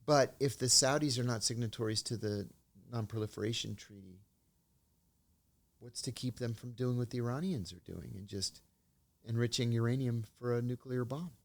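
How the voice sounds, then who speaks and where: A middle-aged man, a former intelligence officer, telling measured anecdotes as an interview guest. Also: mid-range voice, creaky. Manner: measured anecdotal storytelling, acts out quoted dialogue. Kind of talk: storytelling in an interview.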